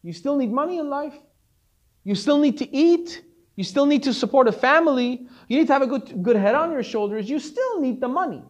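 Brief: a man doing a stern rabbi scolding a student, rhetorical and lecturing, with a lively, rising and falling pitch. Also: fairly quick, lo-fi sound. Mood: explaining.

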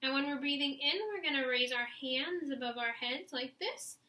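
A woman's voice: high voice, moderate pace, pushed and bright, echoey room, low-quality recording. A woman teaching a clarinet lesson, encouraging her students and guiding them step by step through stretches and breathing, with audible breaths and sighs as she demonstrates. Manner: encouraging, guides listeners step by step. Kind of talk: instructional video lesson.

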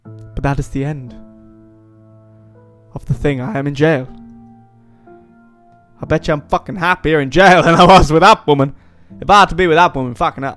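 A man's voice: a little high, a bit bright. A young man hosting a let's-play, giving sarcastic, rambling commentary and swearing freely. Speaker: gaming channel host.

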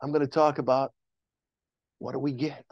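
A man's voice: mid-range voice, level tone, moderate pace, a little mellow, no room sound. Man preaching a passionate sermon, muffled. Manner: impassioned preaching with rising calls to the congregation. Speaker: pastor. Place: church sanctuary.

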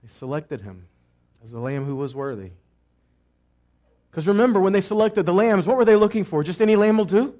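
A man teaching a sermon who asks questions and answers them himself, moving between loud cries and quiet asides. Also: high-pitched, expressive, a little fast, pauses often. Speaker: messianic teacher.

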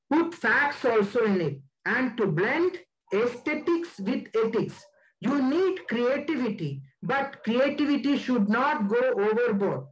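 A man giving a slide presentation as a guest speaker, deliberate and stressing key words. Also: extremely high pitch, a bit bright, rough recording.

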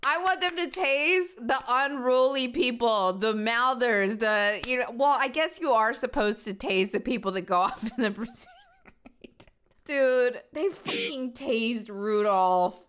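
A young woman giving casual, animated reaction commentary, exclaiming, laughing and swearing as she talks. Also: a little high, measured pace, clean tone. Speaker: commentator reacting to bodycam footage.

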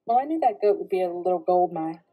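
A woman's voice: fairly low pitch, lively intonation, fast, phone-quality sound. A woman reading the lines of a guarded teenage girl who answers brusquely and defensively.

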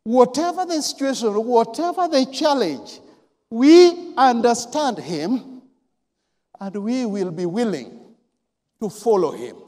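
A man preaching a sermon as pastor, emphatic and repetitive, swinging from quiet reading to loud stressed lines. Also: extremely high pitch, very animated, moderate pace. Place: large church hall. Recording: long church hall reverb.

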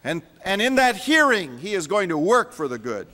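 A man's voice: high-pitched, very animated, normal speed, pushed and bright, big-room sound. A man preaching a sermon as a pastor, emphatic and repeating words for stress.

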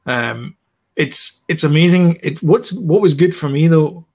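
A man's voice: fairly high pitch, lively intonation, unhurried, slightly rough. Chatty man explaining with many restarts. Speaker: podcast co-host. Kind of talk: casual chat.

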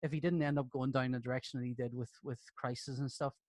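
A Northern Irish man in his fifties, a comics artist appearing as a podcast guest, tells jokey stories in casual chat, animated and breaking into laughter. His mid-range voice moves at a quick pace, recorded in a clean studio with no echo.

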